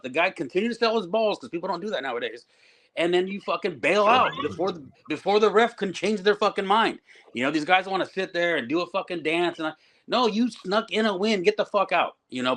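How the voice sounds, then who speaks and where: Ranting, profane man, pitched a bit high. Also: a bit bright. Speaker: wrestling promoter and veteran wrestler. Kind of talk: casual podcast chat.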